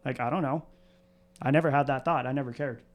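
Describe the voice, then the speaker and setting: A man's voice: mid-range voice, fast, highs cut off. A man on a recovery podcast telling his own story in a candid, confessional way, often repeating phrases.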